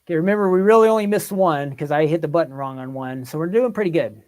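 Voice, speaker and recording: A man's voice: fairly high pitch, animated, fast, darkish tone. A man hosting a livestream, thinking aloud through word quiz questions and asking viewers for their answers. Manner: thinks aloud, polls the chat. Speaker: livestream host. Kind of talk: casual live quiz chat with viewers.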